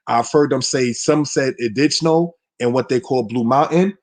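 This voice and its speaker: A man from the United States teaching a live online Hebrew class, conversational and calling listeners brothers and sisters, slowing down to stress key words. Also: mid-range voice.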